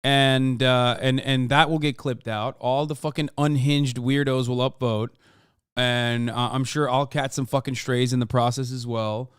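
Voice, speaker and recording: A man's voice: medium pitch, fairly even intonation, measured pace, clean tone, dry recording, studio quality. A man streaming live, reacting to clips with heated, profane, mocking commentary. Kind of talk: casual profane livestream commentary.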